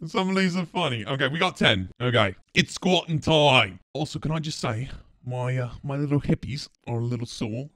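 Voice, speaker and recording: A man's voice: medium pitch, lively intonation, moderate pace, fairly bright tone, no room sound. A man streaming casual reaction commentary, blunt and profane, often laughing. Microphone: streaming mic.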